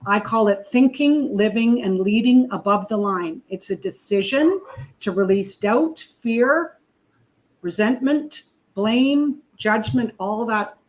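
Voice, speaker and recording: A woman from Canada speaks with motivational emphasis, stacking words into punchy lists as she preaches to her listeners. Her pitch is medium, and she pushes hard on her key phrases. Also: animated, slow pace. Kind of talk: motivational interview talk.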